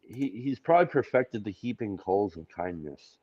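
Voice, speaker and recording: Brief: male host, loose and joking, deeper voice, muffled lo-fi audio. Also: animated, moderate pace. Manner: joking, rambling. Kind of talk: casual chat.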